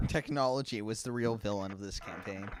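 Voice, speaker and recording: A man's voice: fairly low pitch, measured pace. A man playing a tabletop game, chiming in with short joking asides. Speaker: player. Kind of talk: casual game banter.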